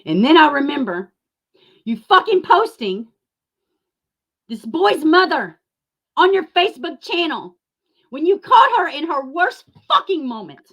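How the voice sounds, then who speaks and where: A woman's voice: high-pitched, very animated, a little slow, long pauses, a bit bright. A woman hosting a livestream, ranting angrily and sarcastically, cursing often and speaking to viewers in the chat by name. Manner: angry, profane, sarcastic. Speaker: YouTube channel host. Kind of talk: livestream rant.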